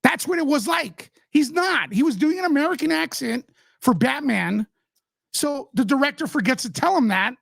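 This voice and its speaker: A man's voice: extremely high pitch, animated, moderate pace, vocal fry, fairly bright tone, no echo, clean studio sound. A man who is a guest commentator in a casual podcast chat, ranting with passion and frustration.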